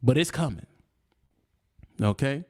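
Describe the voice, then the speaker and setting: A man's voice: medium pitch, animated, slow pace, a little mellow. A man hosting a trucking channel, giving casual straight-talk advice full of slang. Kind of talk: casual podcast chat.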